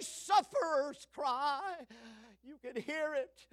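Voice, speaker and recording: A man in his seventies preaching a fiery sermon, swinging from shouts to hushed tones. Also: very high voice, animated, slow. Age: 70s.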